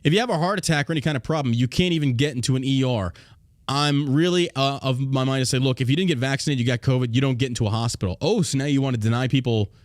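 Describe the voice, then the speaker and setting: A man's voice: mid-range voice, fast talker, no echo. A man hosting a podcast, ranting in a profane, mocking and heated way. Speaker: podcast host. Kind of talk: ranting political podcast commentary.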